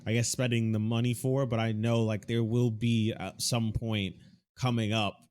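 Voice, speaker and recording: A man co-hosting a podcast in casual chat, talking in a measured, reflective way with some stammered starts. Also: on the low side, level tone, darkish tone. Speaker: podcast co-host.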